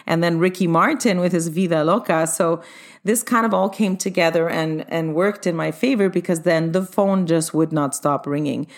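Casting: middle-aged woman, dance studio owner, upbeat and chatty storyteller with a slightly low voice. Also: moderate pace. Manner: upbeat, chatty, addresses listeners directly. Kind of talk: personal storytelling monologue.

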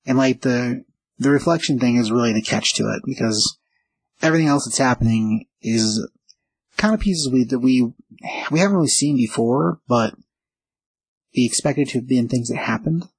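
A man's voice: medium pitch, moderate pace, breathy edge, poor audio. A man casually reviewing a comic book on a podcast, hesitant and thinking aloud as he talks. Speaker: podcast co-host.

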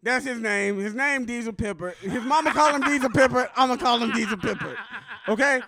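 A man's voice: extremely high pitch, fairly quick, gravelly, crowd noise. A man co-hosting a casual comedy podcast, talking in slang and laughing often in disbelief. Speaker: podcast co-host.

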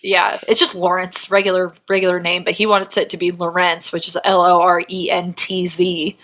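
On a podcast, a co-host reads a story aloud and cracks jokes laced with swearing in a casual, comedic exchange. Her voice is lowish and fairly bright with little pitch movement, at a moderate pace, over slight background noise.

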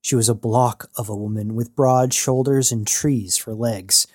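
A man narrating a science fiction story in an even storytelling read. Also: medium pitch, a little slow, no echo, clean studio sound. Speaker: audiobook narrator. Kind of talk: scripted narration.

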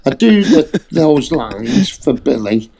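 A man, an actor telling an audition story in a casual, animated way, acting out the quotes and swearing freely. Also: medium pitch, slow, gravelly, breathy edge. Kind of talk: casual anecdote on a podcast.

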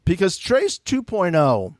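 Male podcast co-host, lively, higher-pitched, dry close-mic sound, jokey mimicry while recapping. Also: measured pace, no room sound. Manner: animated, mimics people in jokey voices. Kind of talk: casual reality TV recap chat.

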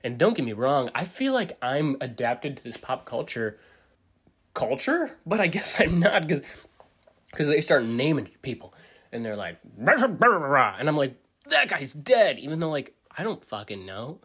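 A man in his forties rambling through a casual solo podcast monologue, full of fillers and restarts, jumping up in pitch to act out what others said. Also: very animated, normal speed, husky. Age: 40s. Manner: acts out quotes with big pitch jumps. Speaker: podcast host.

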